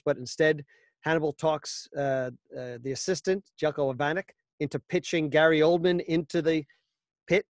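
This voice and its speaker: A middle-aged man talks about his work as an interview guest. His voice sits a little high for a man and carries a wry, joking edge as he tells one anecdote after another. The sound is dry and close, with no room in it. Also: no echo. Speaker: voice actor guest. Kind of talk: casual interview.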